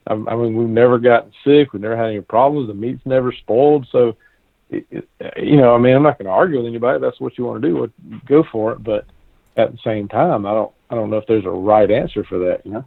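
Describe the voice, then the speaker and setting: A man's voice: medium pitch, quick pace, creaky, dry recording. A man from the American South talking as a guest hunter in a casual live-stream conversation, with an easygoing storytelling manner full of restarts. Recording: tinny phone-line call.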